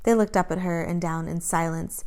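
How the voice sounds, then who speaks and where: Low-voiced woman reading a story aloud. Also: steady tone, moderate pace, darkish tone. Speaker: teacher reading to a class.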